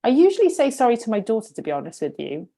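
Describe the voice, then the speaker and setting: A woman's voice: on the high side, huge pitch swings, racing, mellow. A middle-aged woman, a coach and podcast guest, chatting casually in a self-deprecating way. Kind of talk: casual chat.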